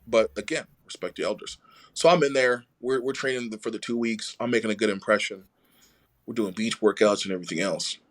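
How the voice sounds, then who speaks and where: A young adult man telling a story in casual conversation, animated and full of "like" fillers, acting out the quoted dialogue. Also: lowish voice, fairly quick. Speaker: rugby player, podcast guest.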